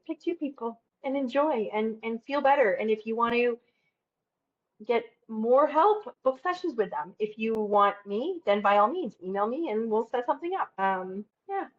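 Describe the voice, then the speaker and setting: A woman guest in a casual interview, talking in an animated, emphatic way and swearing casually. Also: fairly high pitch, normal speed, lo-fi sound.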